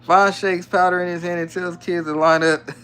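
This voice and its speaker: Young adult man, livestream host at home; casual slangy banter, frequent laughs, slightly high pitch. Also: level tone, normal speed, bright, forceful tone, clean tone. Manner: laid-back slangy banter, laughs often. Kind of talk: casual live stream chat reading comments. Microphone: phone.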